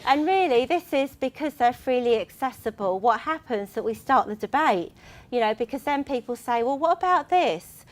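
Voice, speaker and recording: High-voiced woman presenting with laughs. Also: normal speed. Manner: lively, laughs between points, conversational fillers. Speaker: presenter from a dementia resource organisation. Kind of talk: presentation to an audience.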